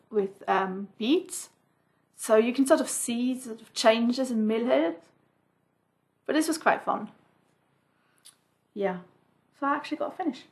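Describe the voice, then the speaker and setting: A woman's voice: fairly high pitch, a bit bright. A woman vlogger chatting casually to camera from home about her cross-stitch projects, rambling with many asides.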